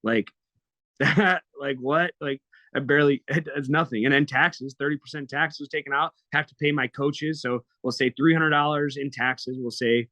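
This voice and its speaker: Somewhat high and sharp, this man's voice holds a steady tone at a normal speed, with no echo. A fighter in his thirties, he's a guest on a candid podcast, sharing emotional stories in a blunt, profane manner.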